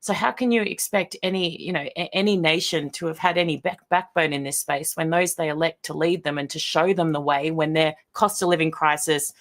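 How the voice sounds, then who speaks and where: Outspoken Australian woman guest, low register, emphatic and blunt. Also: fairly quick, hardly any pauses. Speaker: guest, broadcaster. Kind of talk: impassioned interview answers.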